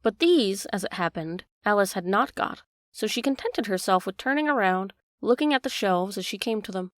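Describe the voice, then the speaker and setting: Woman reading a storybook out loud, steady, mid voice, dry close sound. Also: medium pitch, normal speed, no room sound. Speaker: narrator.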